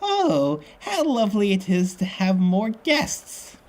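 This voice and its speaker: A man's voice: high-pitched, wildly swooping pitch, takes it slowly, pitched above the performer's own voice, full character voice. A man voicing a sinister elderly woman, a witch who puts on a phony sweet voice. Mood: falsely sweet.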